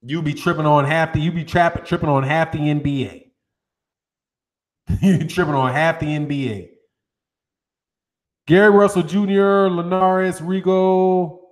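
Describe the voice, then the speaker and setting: A man with a rather high voice hosts a casual boxing talk show. He talks in loose, slangy banter and breaks into laughter often. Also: a little slow, long pauses. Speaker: boxing channel host. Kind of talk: casual chat.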